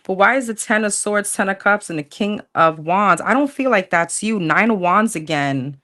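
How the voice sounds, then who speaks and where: A woman's voice: medium pitch, animated, normal speed, a bit bright. A woman casually chatting through a livestream tarot reading, slangy, thinking aloud as she pulls cards. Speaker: tarot reader.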